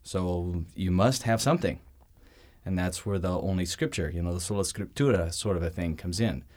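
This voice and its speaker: Male host, lowish voice, lively lecturing style, pops into quoted voices, tags points with "okay?". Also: normal speed. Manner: animated, acts out quoted voices, checks in with "okay?" and "see?". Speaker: show host. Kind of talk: conversational teaching talk.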